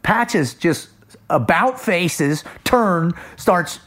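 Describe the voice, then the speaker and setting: Eager man spinning a quick story. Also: high voice, lively intonation, fairly bright tone. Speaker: founder of a kids program. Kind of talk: casual conversation, storytelling.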